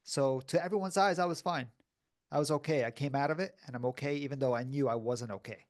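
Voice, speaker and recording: A man's voice: mid-range voice, fast. A man hosting a podcast, talking casually in a laid-back, affirming way. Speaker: podcast host.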